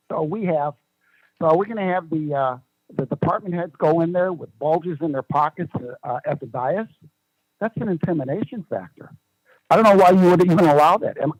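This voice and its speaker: A man's voice: high-pitched, breathy edge, no echo, low-quality recording. A man giving public comment at a county meeting, emphatic and argumentative, pressing his point with rhetorical questions.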